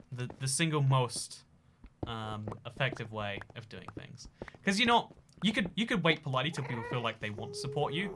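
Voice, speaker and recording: A man's voice: fairly high pitch, sharp tone, a little hiss or hum. A man hosting a casual livestream and reading out chat donations. He talks in a rambling, jokey way, full of fillers and restarts.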